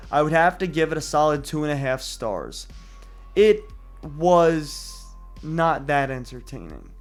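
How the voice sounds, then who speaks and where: Male film reviewer, slightly high voice, casual rambling delivery over light background music. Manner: conversational, many restarts and fillers. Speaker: movie reviewer.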